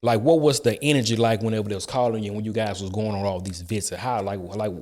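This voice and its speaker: A man hosting a relaxed interview, asking questions and backing the guest up in slangy talk. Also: on the low side, fast. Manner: casual, affirming, slangy, frequent backchannel. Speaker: interview host.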